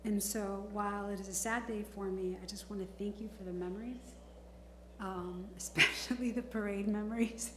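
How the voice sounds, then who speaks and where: A woman's voice: medium pitch, steady tone, normal speed. Chatty woman in a roomy chamber. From Chicago. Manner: warm, chatty, laughing often. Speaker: village trustee. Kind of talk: board meeting remarks. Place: council chamber. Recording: roomy chamber audio, faint noise.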